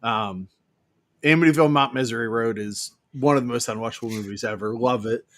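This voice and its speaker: A man in his fifties with a mid-range voice talks a little fast in a dry recording. Co-hosting a show, he rambles through jokes in casual banter, using lots of fillers.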